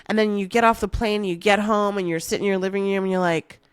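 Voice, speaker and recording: On her motivational podcast, a manifestation coach delivers a monologue full of playful, hyped coaching, addressing the listener as baby. She talks fast in a clear, resonant, mid-range voice with fairly even intonation and no echo.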